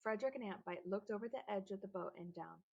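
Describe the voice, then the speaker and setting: Gravelly, husky woman narrating a kids' novel. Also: medium pitch, fast talker, dull audio. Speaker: audiobook narrator.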